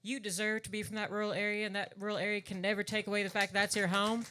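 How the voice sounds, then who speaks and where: A woman's voice: mid-range voice, little pitch movement, quick pace, heavy background noise. A woman from Southwest Virginia with an Appalachian accent, chatting on a venue stage between songs in a folksy, rambling way. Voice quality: folksy and rambling, says y'all, swears for emphasis. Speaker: singer and drag performer. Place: live music venue stage.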